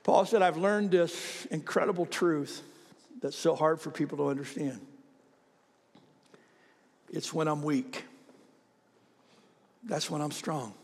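A male pastor telling a story in a sermon, animated, climbing to high shouts at the peaks and dropping to soft whispers. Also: takes it slowly, pauses often, husky. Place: church sanctuary. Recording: long reverb of a large hall.

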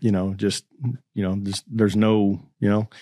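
A man's voice: lowish voice, flat delivery, unhurried, warm tone, no room sound, clean studio sound. A man hosting a podcast interview, casual and encouraging, with many short agreements. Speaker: podcast host.

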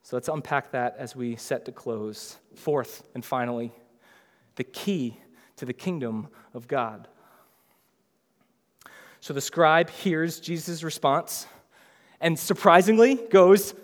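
A pastor delivers a sermon in a relaxed, talkative style, slipping into lively voices to act out scenes from scripture. His voice sits a little higher than most men's. The sound carries the long reverb of a large church sanctuary. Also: takes it slowly, pauses often. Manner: conversational preaching, acts out biblical dialogue in lively voices.

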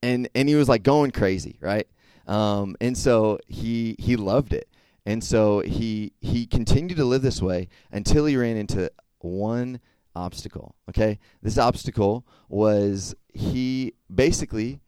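A man's voice: lowish voice, dark tone, no room sound. A young man giving a casual sermon to a group, talking conversationally and checking in with frequent questions. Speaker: youth speaker.

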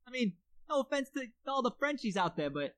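A woman's voice: on the high side, sing-song, brisk. A woman co-hosting a comedy podcast, trash-talking with brash, mocking, exaggerated outrage. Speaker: podcast co-host.

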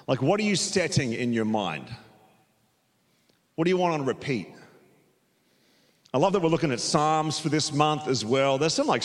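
A man preaching a casual, chatty sermon as executive pastor, upbeat, with many fillers and a slightly hoarse voice. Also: mid-range voice. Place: church auditorium. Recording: long hall reverb.

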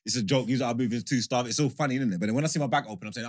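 A man, co-hosting a podcast and telling a story in casual chat, animated and full of repeated filler phrases. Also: mid-range voice, rapid-fire. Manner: animated, repeats "you know what I'm saying". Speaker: podcast co-host.

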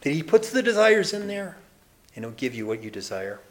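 A pastor in his forties delivers a sermon in a church building. He is animated and quick to laugh, slipping into other people's voices as he makes his points. His voice sits a bit high and rises and falls widely.

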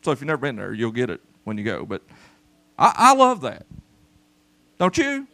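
A man's voice: mid-range voice, moderate pace, creaky. A man preaching a folksy storytelling sermon to his church, calling out to the congregation. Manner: folksy, animated, calls out to the congregation. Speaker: pastor. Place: church service.

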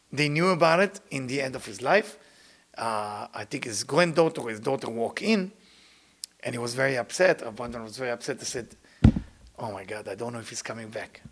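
Gravelly, animated male spiritual teacher. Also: medium pitch. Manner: non-native English grammar, animated, swings between loud and hushed. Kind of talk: spiritual lecture.

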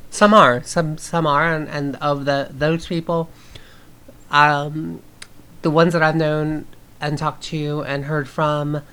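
A woman's voice: low voice, level tone, slow pace, fairly bright tone, smooth. A woman from the southern United States co-hosting a podcast, explaining things earnestly in a casual chat. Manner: earnest, explanatory, with many fillers and restarts. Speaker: podcast co-host.

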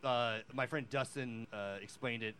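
A loud man co-hosting a podcast in easygoing chat, voice at an ordinary pitch. He rambles and fills gaps with hesitations as he goes. A faint hiss sits under his voice. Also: steady tone, a little slow. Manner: loud, rambling, with many fillers. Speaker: podcast co-host. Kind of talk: casual chat.

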